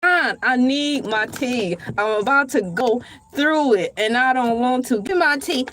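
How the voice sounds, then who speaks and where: Dramatic high-voiced woman streamer. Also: unhurried, background noise. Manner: animated and dramatic, bursts into shouts and laughter. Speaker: livestream host. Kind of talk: casual live-stream chat.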